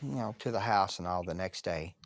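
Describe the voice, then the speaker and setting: A man's voice: sits low, brisk, creaky, no room sound, studio quality. A man interviewed for a documentary, recounting a memory and acting out the words of others. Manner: storytelling, acts out quoted dialogue.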